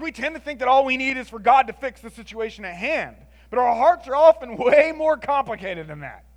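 A man preaching a sermon in an expressive, conversational way, moving between emphatic lines and hushed ones and often adding "like" and "right?". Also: very high-pitched.

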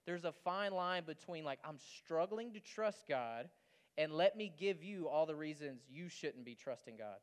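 Pastor guy preaching, chatty and animated, kinda high smooth voice. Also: measured pace. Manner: conversational, animated preaching with frequent "does that make sense?". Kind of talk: sermon.

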